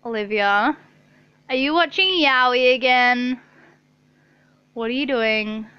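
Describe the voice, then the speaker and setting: A woman's voice: fairly high pitch, takes it slowly, clear, resonant tone, no room sound. A young woman vlogger telling a casual storytime, chatty and exasperated, swearing freely. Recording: slightly dull lo-fi sound.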